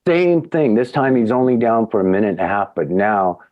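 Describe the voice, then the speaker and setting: Deep-voiced man telling an animated story. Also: a little fast, no room sound, dull audio. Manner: animated storyteller, acts out quotes with big pitch jumps. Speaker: podcast guest. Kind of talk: casual anecdote telling.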